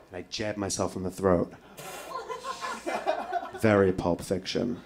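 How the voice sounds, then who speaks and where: A male comedian telling a story on stage in an animated way, swearing freely and breaking into impressions. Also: low voice, unhurried, vocal fry, pauses often. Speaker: stand-up comedian. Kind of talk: stand-up storytelling. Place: stage before a live audience.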